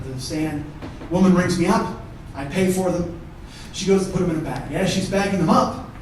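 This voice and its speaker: Comedian, profane stage storyteller, slightly high voice, roomy echo from a distant mic. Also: male voice, darkish tone, slight background noise. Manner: conversational, profane, bantering with the audience. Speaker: stand-up comedian. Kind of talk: one-man show storytelling. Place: theatre stage with live audience. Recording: echoey theatre from far off.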